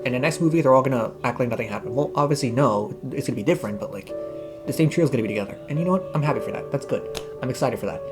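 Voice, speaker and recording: A young man rattles through a casual movie review at a very fast clip, gushing and tearful, his voice catching as he cries. Faint guitar music plays underneath. His pitch sits in an ordinary middle range. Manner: excited, gushing, tearful, says bro. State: crying.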